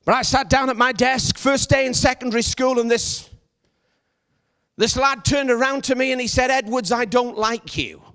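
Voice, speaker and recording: A middle-aged man preaching a sermon as an evangelist, with shouted, emphatic lines. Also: very high-pitched, level tone, normal speed, clear, resonant tone.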